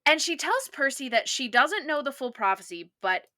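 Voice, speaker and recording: Bright-voiced chatty woman podcaster. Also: high voice, big pitch swings, moderate pace. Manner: chatty, peppered with "like". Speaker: podcast co-host. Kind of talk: casual chat recapping a TV episode.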